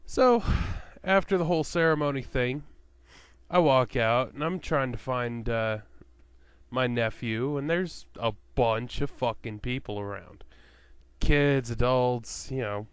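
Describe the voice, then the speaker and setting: A man's voice: mid-range voice, measured pace, clean tone, no room sound. A man telling a profane, sarcastic rant to his webcam as a vlogger, swearing freely as he tells stories.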